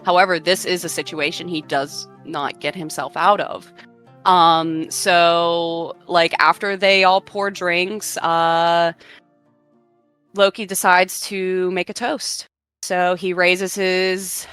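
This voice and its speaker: A woman chats through a myth with a lowish, bright, forceful voice. She tells it casually, filling it with fillers, while soft music sits in the background. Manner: chatty, retells myths with frequent fillers. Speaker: podcast co-host. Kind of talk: casual storytelling chat.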